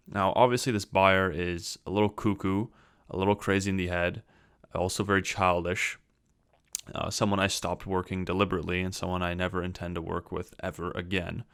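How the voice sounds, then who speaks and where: A man's voice: low voice, flat delivery, normal speed, gravelly, a bit bright, smooth, dry recording, studio quality. A young man vlogging, telling a story in an exasperated, ranting way. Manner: exasperated, ranting, swears when quoting himself. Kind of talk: casual storytelling to camera.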